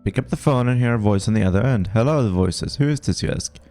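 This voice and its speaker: A man streaming a text adventure game, casually reading the story aloud and pausing with fillers as he types his next moves. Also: on the low side, mellow, soft background music. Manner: casual, reads game text quickly, trails off with fillers while deciding moves.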